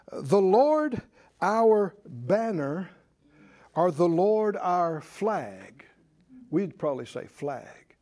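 A man preaches a sermon with a high-pitched voice. He talks in rhythmic call-and-response, rising to bursts of emphasis and then dropping low and soft.

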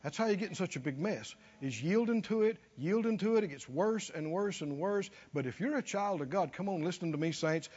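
A man's voice: sits high, lively intonation, a little fast, few pauses, a little mellow, breathy edge, in a large hall. A man preaching a sermon, folksy and chuckling, calling out to his listeners to respond. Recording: dull lo-fi recording.

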